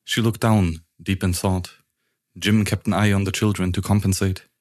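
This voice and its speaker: A man narrating an audiobook in a steady, even reading manner. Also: sits low, normal speed.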